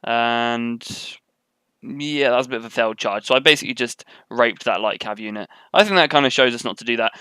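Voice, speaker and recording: A young man talking through a strategy game as he plays, drifting into chatty tangents. His voice is bright and very crisp, recorded dry and close at his desk. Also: medium pitch, brisk, no echo. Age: young adult. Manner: rambling, chatty, with frequent ums and tangents. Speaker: gaming commentator. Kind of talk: live gameplay commentary. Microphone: webcam setup at desk.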